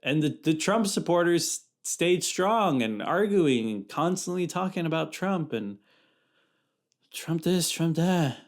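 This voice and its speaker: A man's voice: fairly high pitch, animated, slow pace. A young man from California hosting a solo podcast, chatting casually in a rambling, slangy way that keeps interrupting itself. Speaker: podcast host.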